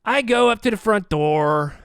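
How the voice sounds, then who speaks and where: A man hosting a podcast, telling a comic story with animated delivery and acted-out voices. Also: sits high, normal speed, gravelly, clean tone, no echo, studio quality. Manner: animated, acts out quoted voices. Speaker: podcast host. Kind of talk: comedic storytelling.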